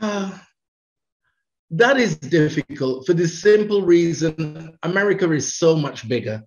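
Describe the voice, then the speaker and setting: Chatty, animated man with a lo-fi sound. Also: on the high side, a little slow. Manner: chatty, animated storyteller who laughs often. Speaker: radio presenter being interviewed. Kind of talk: casual interview chat. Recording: dull lo-fi sound.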